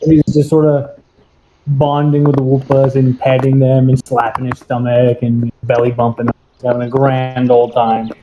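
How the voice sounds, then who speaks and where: A man playing a tabletop game, describing his character's actions deliberately and hesitantly, with fillers. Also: mid-range voice, completely flat delivery, background noise. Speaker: player. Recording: muffled lo-fi audio.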